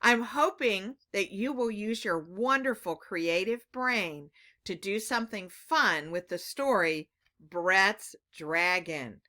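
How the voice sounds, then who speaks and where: A woman reading a picture book aloud to young children, gently asking them questions as she goes. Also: medium pitch, lively intonation, a little slow. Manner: gentle, encouraging, asks the listener questions. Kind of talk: read-aloud story lesson for kids.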